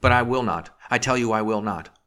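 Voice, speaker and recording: A desperate imprisoned gentleman, agitated and afraid, bursting out in bitter complaints and pleas, as a male reader puts him on. The voice sits low and deep even when he raises it. It belongs to a storybook reading. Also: fairly quick, close to an everyday voice. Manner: bitter, pleading outbursts.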